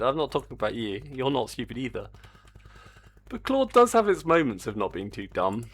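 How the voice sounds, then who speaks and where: A man live-streaming his game development, chatting casually and excitably, swearing freely, into a desk microphone on a stand. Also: mid-range voice, normal speed, husky. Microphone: desk mic on a stand.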